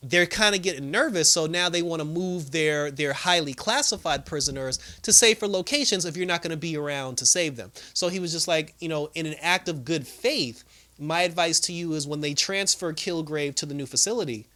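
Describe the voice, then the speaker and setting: A young man casually recapping a TV episode in a chatty, loose way, full of fillers and quick laughs. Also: a little high, sharp tone. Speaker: TV episode reviewer.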